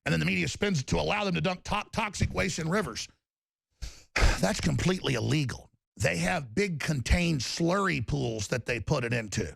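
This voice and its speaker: A gravelly, fry-heavy man rants through a talk-radio monologue, his voice sitting a little high for a man. The sound is dry and close, with no room around it. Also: animated, moderate pace, a bit bright, no room sound. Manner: ranting, mocks opponents in put-on voices.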